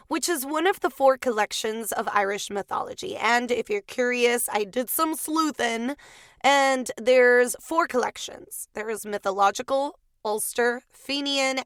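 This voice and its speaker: A young woman co-hosting a casual podcast, playful and jokey, at times squeaky. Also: fairly bright tone, no echo, studio quality. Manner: playful, jokey, giggly, reads notes then riffs. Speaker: podcast co-host. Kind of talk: casual chat reading myth research.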